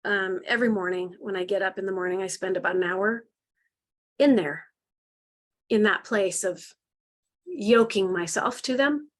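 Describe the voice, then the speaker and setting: Speaking into a video call mic, a woman leads a live online spiritual healing class with earnest, gentle guidance and occasional emotion. Her pitch is medium, her pace moderate, and she leaves long pauses.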